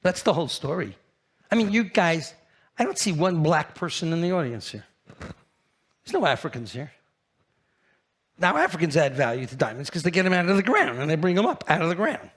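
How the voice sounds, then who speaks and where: A man giving a live conference presentation, brash and animated, jumping to high, loud bursts and firing questions at the audience. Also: moderate pace, slightly rough. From New York. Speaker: keynote speaker at a trade fair.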